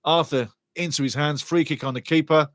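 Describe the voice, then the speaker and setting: A man with a high-side voice and a brisk pace, recorded dry, gives partisan watch-along commentary on a live football game. Full of excitement, he roots for his team and reads chat messages aloud.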